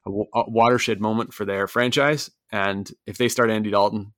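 A middle-aged man co-hosting a sports podcast, talking in a relaxed, rambling way full of fillers. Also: lowish voice, normal speed, no echo, clean studio sound. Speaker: podcast co-host. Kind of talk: casual podcast chat.

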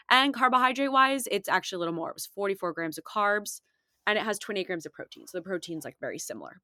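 A woman's voice: mid-range voice, bright, forceful tone, no room sound, clean studio sound. A woman dietitian hosting her own show, chatting emphatically and casually while rattling off numbers. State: out of breath. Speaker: dietitian podcast host. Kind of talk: casual solo talk.

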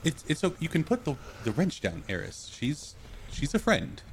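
A man's voice: on the high side, huge pitch swings, normal speed, slight background noise, voice pushed up. A man doing a soothing, coaxing lab owner. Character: gentle, reassuring lab owner named Olive.

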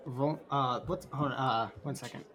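A man's voice: mid-range voice, normal speed, a bit bright. Man, tabletop game master, casual rambling narration. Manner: rambling, with filler words and restarts.

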